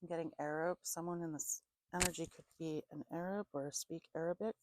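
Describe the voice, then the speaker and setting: A woman's voice: low voice, fairly even intonation, fairly quick, a little mellow, dry recording, rough recording. A woman giving an intuitive psychic reading, musing aloud, spelling out names letter by letter and correcting herself as she goes. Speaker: psychic reader.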